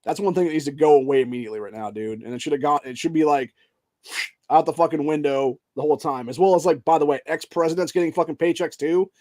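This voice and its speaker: Guy hosting a podcast, kinda high voice, reads the news then goes off cussing and saying dude constantly. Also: fast talker. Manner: heavy profanity, keeps tacking "dude" onto sentences; angry, heated tirades between flat read-outs. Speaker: podcast host. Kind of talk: reading news articles aloud and ranting over them.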